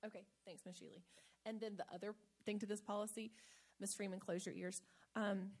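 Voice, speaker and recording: A woman's voice: medium pitch, flat delivery, fairly quick, darkish tone. A woman on a school board, asking questions during a meeting with a light joking touch. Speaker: board member.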